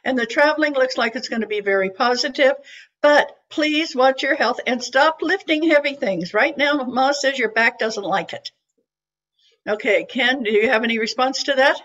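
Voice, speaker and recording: A woman's voice: sits high, normal speed, fairly bright tone. A woman in her eighties giving a chatty, reassuring psychic reading over a video call, with frequent fillers. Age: 80s. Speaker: psychic reader. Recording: dull lo-fi call audio.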